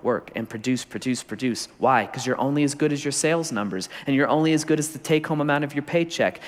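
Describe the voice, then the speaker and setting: Punchy preacher man in a reverberant hall. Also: medium pitch. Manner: punchy repetition with wry humor. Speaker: pastor. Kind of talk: sermon. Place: large church auditorium. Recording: long reverb of a large hall.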